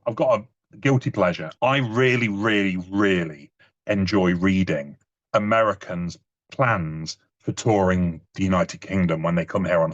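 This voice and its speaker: Heard in lo-fi sound, this British man in his thirties has a fairly low voice. In a casual, chatty talk he shares personal stories, leaning on "you know" and restarting often as he stumbles.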